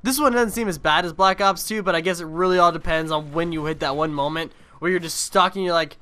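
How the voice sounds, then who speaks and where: A young man, a gaming video creator, gives casual commentary on his own gameplay video in a slightly high, sharp-toned voice at a quick pace. He rambles and swears freely.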